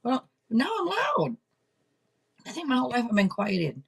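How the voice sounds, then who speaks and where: Loud, blunt woman tarot streamer. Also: a little high, sing-song, normal speed, creaky, husky. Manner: loud, blunt and joking, swears freely. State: throat irritation. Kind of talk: casual live-stream chat.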